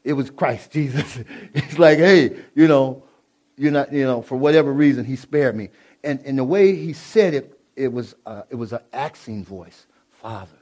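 A middle-aged man from Illinois telling his personal testimony to an audience, animated, swinging from loud bursts to low, quiet asides, with many restarts. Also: husky. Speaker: speaker giving a personal testimony. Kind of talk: spoken testimony to a live audience.

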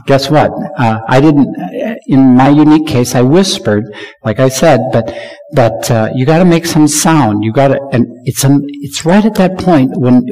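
A man preaching a sermon, animated, often repeating words and restarting his sentences. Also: on the high side, in a large hall, poor audio.

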